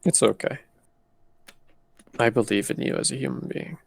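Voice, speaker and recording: A man in a casual group chat who explains his ideas deliberately, with dry humor. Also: mid-range voice, vocal fry, darkish tone, breathy edge, no room sound. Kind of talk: casual chat before a tabletop game stream.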